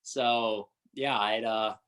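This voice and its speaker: A man's voice: lowish voice, steady tone, drawn-out words, fairly bright tone. Rambling young male country singer. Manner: hesitant, many fillers and restarts. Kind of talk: casual interview chat.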